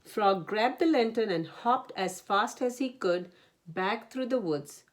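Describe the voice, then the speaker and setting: A woman storyteller reading a children's picture book aloud in a gentle, expressive way. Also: mid-range voice, takes it slowly.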